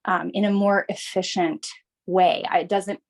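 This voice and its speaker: A woman's voice: medium pitch, steady tone, a little slow, gravelly. A woman taking part in an online course, thinking aloud about how she learns, with hesitant restarts. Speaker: course participant. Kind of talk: reflective casual talk.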